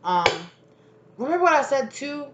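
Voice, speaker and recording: A woman's voice: sits high, very animated, moderate pace, lo-fi sound. Chatty woman giving a roomy tarot reading. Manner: chatty, swears freely, laughs, acts out quoted lines. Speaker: tarot reader. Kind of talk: casual spoken tarot reading. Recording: roomy echo, faint noise.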